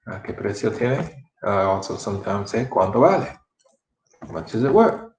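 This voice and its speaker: A man's voice: lowish voice, sing-song, normal speed, roomy sound, noisy background. A man teaching a live-streamed Spanish lesson, chatty and repeating each phrase many times for practice.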